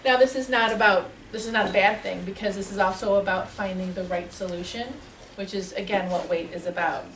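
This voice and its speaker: A woman teaching a small gathering in a lively, chatty way, laughing often as she talks. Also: medium pitch, fairly quick. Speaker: spiritual teacher. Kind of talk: lively talk to a live audience. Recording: echoey room, mic far off, faint hiss.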